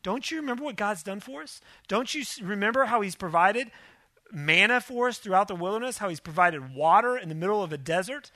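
An earnest young spy pleads urgently with a frightened crowd, as a preacher puts him on. The voice sits a little raised, with a bright, forceful tone. The sound is dry. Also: male voice, high voice, animated, a little fast, no echo, pitched above the performer's own voice. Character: earnest young male spy rallying the people.

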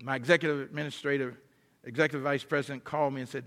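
A man giving a sermon as a guest preacher, emphatic and building toward near-shouts, often repeating words as he goes. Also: medium pitch, flat delivery, racing. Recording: long hall reverb.

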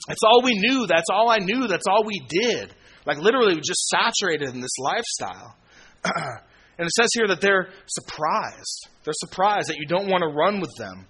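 A man in his thirties preaching a sermon in a relaxed, slangy way, acting out conversations with old friends. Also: sits high, normal speed. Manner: casual, slangy, acts out quoted friends with laughs. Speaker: pastor.

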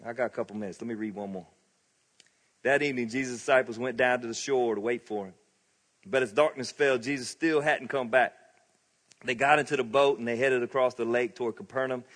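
A man's voice: mid-range voice, fairly even intonation, fairly quick, fairly bright tone. A male pastor preaching a sermon in a conversational, storytelling way, with frequent laughs. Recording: long reverb of a large hall.

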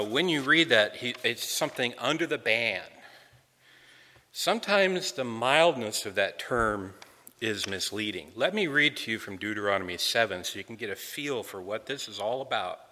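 A man's voice: lowish voice, expressive, moderate pace, sharp tone, long reverb tail. A man preaching an earnest expository sermon, often repeating words as he restarts a phrase.

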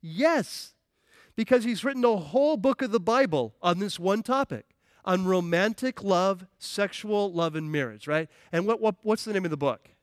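A man preaching a sermon as pastor, energetic and playful, acting out voices with humor. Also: high-pitched, normal speed, no echo, clean studio sound. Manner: energetic, playful, acts out quotes. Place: church.

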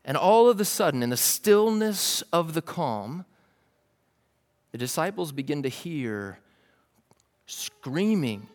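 A man's voice: on the high side, very animated, takes it slowly, long pauses, a little mellow, in a large hall. A man preaching a sermon as a pastor, telling the story vividly in a casual way, with fillers like "like" and "dude".

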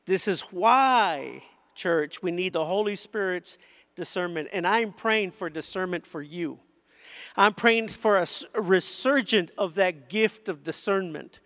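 A man preaching a sermon as pastor, impassioned, with sudden loud peaks. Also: sits high. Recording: long church hall reverb.

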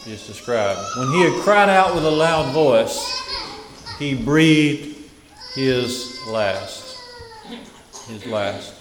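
Man, preacher, slow deliberate delivery, earnest, reverberant church hall, faint room ambience. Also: medium pitch, background noise. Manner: slow, earnest, emphatic pauses. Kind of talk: sermon. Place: church sanctuary.

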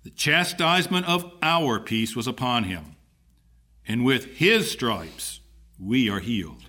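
A man solemnly reading scripture aloud in church while the congregation answers. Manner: measured, dramatic reading with lively pitch. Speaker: scripture reader. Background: congregation answering amen.

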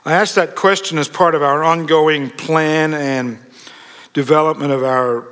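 A man with a slightly high voice preaches to a live crowd, mixing jokes and questions into his talk. His voice rings out in a large hall with a long reverb tail. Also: steady tone, measured pace, fairly bright tone, smooth. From Australia. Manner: humorous storytelling, asks the audience questions. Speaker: pastor. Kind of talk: sermon.

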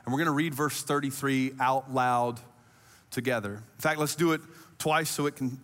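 A man's voice: mid-range voice, fairly even intonation, moderate pace, fairly bright tone, big-room sound. A man preaching a sermon as pastor, earnest and conversational, building to impassioned rising appeals. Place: church auditorium.

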